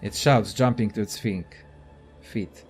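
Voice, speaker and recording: A man's voice: lowish voice, measured pace, faint music behind. A young man casually commenting on a video game and reading its text aloud, offhand and profane. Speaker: let's play gamer.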